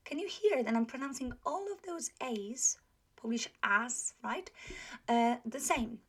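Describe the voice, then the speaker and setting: A woman teaching a pronunciation lesson, modelling words slowly and checking with the learner often. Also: a little high, expressive, fairly bright tone. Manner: slow, patient, drawn-out model words; many fillers and checks for understanding. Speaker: language teacher.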